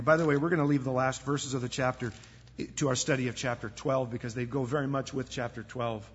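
A man preaching a sermon as pastor, earnest, sometimes dropping to a hush for emphasis. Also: mid-range voice, breathy edge. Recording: echoey hall, dull lo-fi sound.

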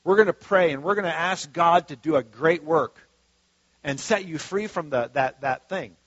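A man's voice: fairly high pitch, normal speed, a bit bright, no echo, muffled recording. A man preaching a sermon as pastor in a conversational way, with frequent asides and restarts.

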